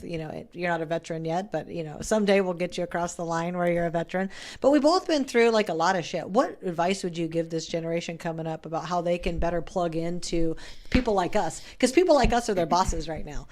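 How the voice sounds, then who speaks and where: A middle-aged woman hosts a casual interview podcast in a somewhat low voice. She talks in a candid, chatty way and drops in the odd swear word. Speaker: podcast host.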